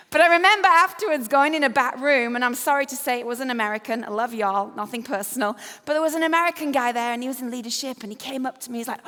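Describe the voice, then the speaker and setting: English woman, 50s, keynote speaker, crisp bright voice, humorous storyteller, reverberant venue. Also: high voice, fast talker, hardly any pauses. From Yorkshire, England. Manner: storytelling, self-deprecating humor. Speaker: conference speaker. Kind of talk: motivational keynote talk. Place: event stage. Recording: echoey hall.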